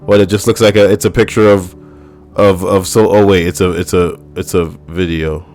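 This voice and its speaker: A man's voice: low-pitched, flat delivery, normal speed, a little mellow. A man, hosting a casual comedy video in a crude, rambling, sardonic way. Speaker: video host.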